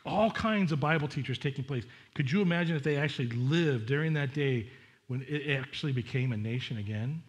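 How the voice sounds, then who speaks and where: A middle-aged man, a pastor preaching a sermon in a chatty, animated way with asides to the congregation. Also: medium pitch, a little fast.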